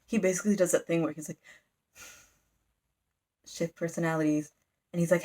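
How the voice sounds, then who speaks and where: A woman's voice: on the low side, flat delivery, moderate pace, pauses often, dark tone. A woman recapping a manga in a casual, rambling chat, giggling and using lots of fillers. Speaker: manga reviewer.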